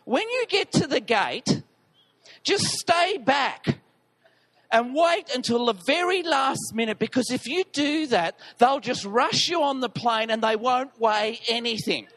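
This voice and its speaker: A man putting on a gently reassuring wife, soothing and coaxing. The voice sits far up in a high, light register and moves in a slow, calm sing-song. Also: heavily acted.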